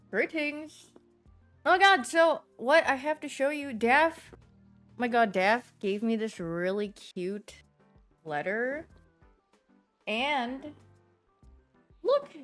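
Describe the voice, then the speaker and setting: A young woman livestreamer chatting casually, rambling and giggly with sudden excited squeals. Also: medium pitch. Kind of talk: casual stream chat.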